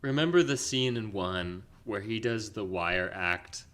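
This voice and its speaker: A young man co-hosting a film podcast, chatting casually in a rambling, excited way full of fillers and restarts. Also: fairly low pitch, measured pace. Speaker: podcast co-host.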